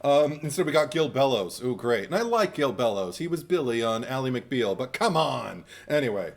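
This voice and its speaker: An American man co-hosting a podcast, chatting casually and animatedly, breaking into laughter and high-pitched mimicry. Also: very animated, moderate pace. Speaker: podcast co-host. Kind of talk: casual chat.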